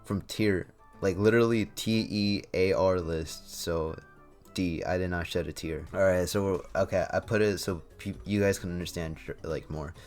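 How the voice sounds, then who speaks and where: A man's voice: sits low, normal speed, a little mellow, soft background music. A man giving casual tier-list commentary, rambling and slangy, often stopping to correct himself. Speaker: YouTuber ranking anime items.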